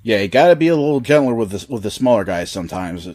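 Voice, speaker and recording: A man's voice: on the low side, very animated, quick pace, darkish tone. A man co-hosting a wrestling podcast in casual chat, enthusiastic and often repeating words as he starts a thought. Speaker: podcast co-host.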